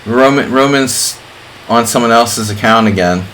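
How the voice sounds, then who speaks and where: A man's voice: mid-range voice, measured pace, fairly bright tone, a little hiss or hum, low-quality recording. A middle-aged man streaming chess, chatting casually in a rambling way with lots of fillers. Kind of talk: casual live-stream chat.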